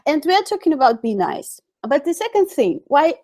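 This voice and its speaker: A woman's voice: high-pitched, sing-song, brisk, darkish tone. A woman with a Russian accent teaching English communication in a webinar, chatty with frequent fillers. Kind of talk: webinar lesson.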